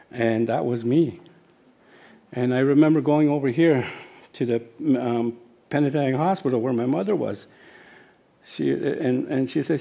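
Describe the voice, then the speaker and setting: Halting older man, gravelly voice. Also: medium pitch, dark tone. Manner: halting, with many fillers and self-corrections. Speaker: speaker sharing his life story. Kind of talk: personal testimony.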